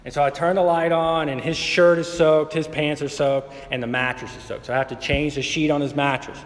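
Pastor preaching in a reverberant hall. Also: male voice, a little high, steady tone, fairly quick, soft background music. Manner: conversational storytelling, shifting between quiet and emphatic. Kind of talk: sermon. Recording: hall reverb with faint ambience.

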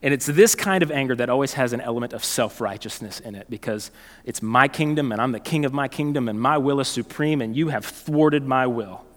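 A man's voice: medium pitch, fairly quick. Man preaching in an echoing hall. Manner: conversational, animated storytelling with frequent restarts. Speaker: pastor. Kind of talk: sermon.

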